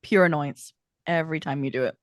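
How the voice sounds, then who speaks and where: A woman running a tabletop role-playing game as game master, playful and quick to laugh. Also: low-pitched, dry recording, studio quality.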